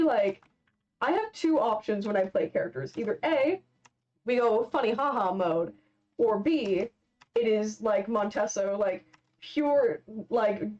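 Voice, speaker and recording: On a live drawing stream, a young woman with a mid-range, darkish-toned voice makes rambling small talk. Fillers such as "like" and "um" crop up constantly, and the sound comes through a dull, low-fidelity stream mic.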